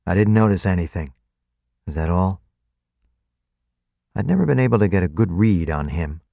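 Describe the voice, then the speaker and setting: A man narrating a novel in the first person in a wry, even way, close to the mic. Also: low-pitched, creaky, no room sound. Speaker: audiobook narrator.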